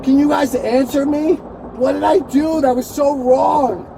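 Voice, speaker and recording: An agitated man under arrest, pleading and shouting for answers from the back of a police car, recorded on an officer's bodycam. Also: very high-pitched, fairly even intonation, unhurried, creaky. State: agitated, upset. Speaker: arrested passenger. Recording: noisy bodycam audio.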